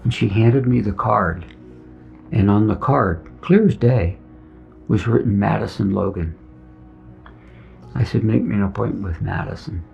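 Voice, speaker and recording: Earnest gravelly middle-aged man. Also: on the low side, a little slow, long pauses. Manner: earnest, acts out the dialogue. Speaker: veteran telling his story. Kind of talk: personal testimony. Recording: dull lo-fi recording with soft music. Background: soft music.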